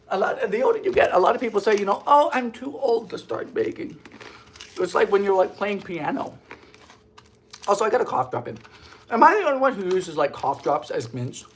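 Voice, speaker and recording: High-pitched and moderately paced, this young Bermudian man pauses often as he chats jokily and theatrically while baking on a live stream. His accent is mild, his manner animated, and a little background noise is audible.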